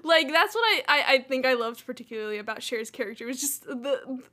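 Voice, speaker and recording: A woman chatting on a podcast, her voice high and sharply bright. She laughs easily and gushes when something delights her, talking in a loose, excitable way. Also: fast talker. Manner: giggly, gushing. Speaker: podcast co-host. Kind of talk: casual chat.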